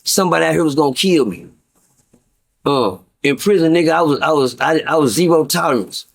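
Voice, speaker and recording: A man's voice: a little high, animated, brisk, gravelly. A middle-aged man telling a story to viewers in a casual, profane way, stammering and repeating himself as he goes. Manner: profane, repetitive, stammering restarts. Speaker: guest storyteller.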